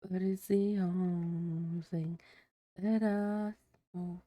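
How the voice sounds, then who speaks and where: A woman's voice: fairly low pitch, fairly even intonation, very slow, mellow, no echo. A young woman, a Spanish native speaker, chatting casually with her livestream viewers and filling her sentences with "like". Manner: chatty, many "like" fillers, answering chat.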